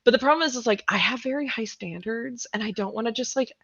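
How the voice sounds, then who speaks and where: A woman comedian from Texas, a guest in a casual interview, bubbly and effusive and quick to giggle. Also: a little high, a bit bright, husky, no echo, muffled recording. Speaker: comedian and show producer.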